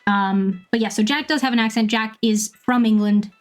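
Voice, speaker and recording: A woman around thirty from Bermuda, chatting casually with viewers while she plays a game, laughing often and filling pauses with ums. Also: on the high side, soft background music. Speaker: streamer.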